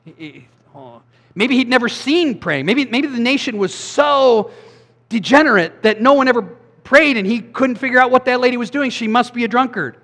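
Guy preaching a sermon, pretty high voice, chatty asides, big hall echo. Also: fairly bright tone. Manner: conversational preaching with quick asides. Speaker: pastor.

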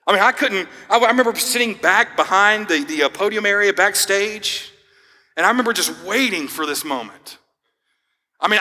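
Young male pastor, conversational storyteller, tense bright tone, long hall echo. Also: sits high. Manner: casual, storytelling, fillers like man and dude. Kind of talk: sermon with personal story.

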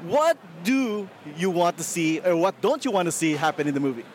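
A man interviewing a guest at a convention, asking brisk, chatty questions. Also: sits high, very animated, a little hiss or hum. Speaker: interviewer, show host. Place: convention floor.

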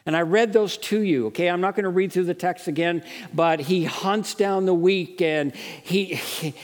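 A man with a fairly high voice preaches a sermon at a Bible college. He talks in an earnest, lecturing way and builds to passionate pleading, and his words ring on in a hall with a long reverb. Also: normal speed.

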